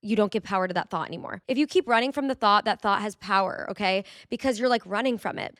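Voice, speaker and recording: Girl vlogging about her feelings, super candid, says like a lot, smooth clear voice, dry close sound. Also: mid-range voice, fairly bright tone, no echo. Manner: candid, chatty, lots of "like" fillers. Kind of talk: casual confessional vlog.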